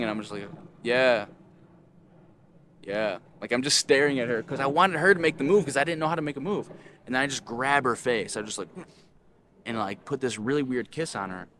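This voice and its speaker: Animated young man telling a story. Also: a little hiss or hum. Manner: animated, swings between low mumbles and loud excited outbursts; heavy use of filler words and slang. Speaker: host. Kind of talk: casual storytelling.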